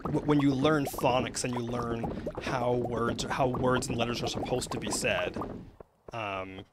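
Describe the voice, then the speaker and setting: A man's voice: medium pitch, steady tone, measured pace, very noisy. A man with a Canadian accent streaming a game live, rambling and chatting with viewers through lots of fillers and restarts. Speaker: gaming livestreamer.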